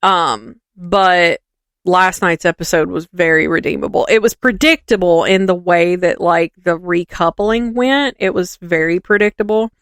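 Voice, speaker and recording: A woman's voice: fairly low pitch, measured pace, smooth, no room sound. A woman co-hosting a podcast, animatedly retelling a reality show in casual chat and acting out the quotes. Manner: animated gossipy storytelling, acts out quotes. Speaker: podcast co-host.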